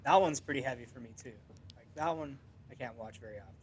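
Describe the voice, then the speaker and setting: A man's voice: medium pitch, fast talker, husky. A man co-hosting a podcast, laid-back and profane in casual chat. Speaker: podcast co-host.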